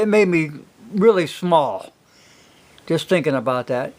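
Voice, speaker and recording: Older man, high-pitched, casual folksy storyteller, rambling delivery. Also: lively intonation, unhurried, pauses often, a little mellow. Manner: rambling, folksy, many fillers. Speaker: single father telling stories.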